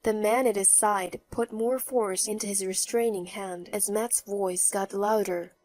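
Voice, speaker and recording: A woman narrating her own story in the first person, with a mocking, even tone. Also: mid-range voice, measured pace, no room sound. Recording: faint background music.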